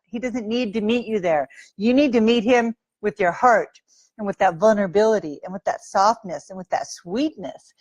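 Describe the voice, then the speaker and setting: A woman's voice: mid-range voice, darkish tone, no room sound. A woman dating coach giving advice straight to camera in a breezy, playful way, acting out sample lines.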